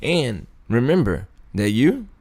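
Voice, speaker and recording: A man's voice: mid-range voice, sing-song, slow pace, a little mellow. A man hosting a casual Bible study video, retelling the story in a laid-back, slangy way with frequent chuckles. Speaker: YouTube Bible study host.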